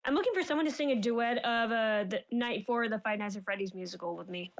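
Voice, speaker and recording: A woman's voice: fairly high pitch, fast talker, low-quality recording. A woman voice actor chatting casually on stream, friendly and giggly. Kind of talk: casual chat.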